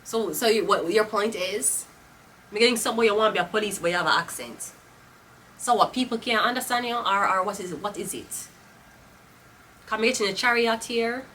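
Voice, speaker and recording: Slightly off-mic and over a light hiss or hum, a woman with a Jamaican accent reads tarot cards, bluntly, casually and with profanity, slipping into patois. Her mid-range voice moves a little fast and sounds a bit bright.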